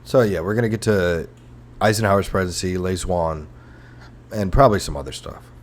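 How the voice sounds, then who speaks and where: A man with a deep voice, talking a little fast, hosts a comedic history podcast, rambling and sarcastic and given to frequent profane rants.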